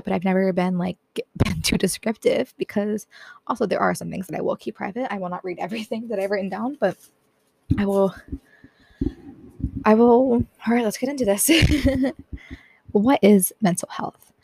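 A teenage girl hosting her own talk, speaking earnestly and softly, tired and a little teary, often laughing at herself. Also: mid-range voice, creaky, husky, no echo, clean studio sound. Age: teens. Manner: earnest, self-deprecating, laughs often, soft-spoken. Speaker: podcast host. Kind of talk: personal reflective talk.

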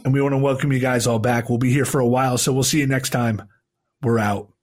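A husky-voiced man in his thirties co-hosting a casual podcast. He talks in a loose, profane way, circling back and restarting his sentences as he tells stories to his friend. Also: mid-range voice, steady tone, fast, darkish tone. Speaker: podcast co-host. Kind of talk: casual crude podcast banter.

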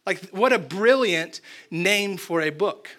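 A man's voice: high voice, expressive, takes it slowly, a bit bright. A young man preaching, telling a self-mocking story and acting out his own thoughts. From Abilene, Texas. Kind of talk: storytelling sermon.

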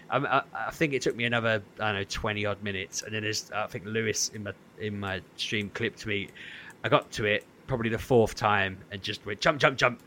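On a podcast he co-hosts, a man with a lowish voice relates a long story casually, bringing its many quotes to life with animated impressions. A little hiss or hum is audible.

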